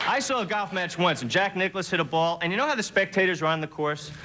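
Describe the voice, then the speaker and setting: A young man doing a deadpan stand-up routine on a TV studio stage, slipping into quick character voices. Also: high-pitched, crowd noise, noisy background. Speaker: stand-up comedian. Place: TV studio stage before a live audience.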